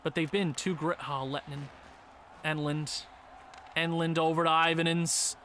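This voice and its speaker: A young man giving casual commentary on a hockey video game, muttering and then breaking into excited shouts. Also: on the high side, moderate pace, slight background noise. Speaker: gaming YouTuber.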